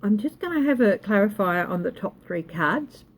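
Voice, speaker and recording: A woman's voice: mid-range voice, animated, moderate pace. A woman giving a tarot reading, thinking aloud, hesitant and correcting herself as she goes. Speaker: tarot reader.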